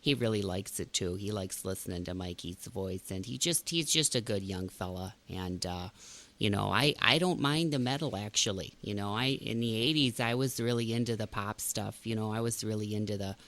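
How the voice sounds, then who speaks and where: A man's voice: lowish voice, normal speed, fairly bright tone. A man voicing a chatty, motherly older woman from the northern Midwest, rambling with lots of fillers. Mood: folksy chatty.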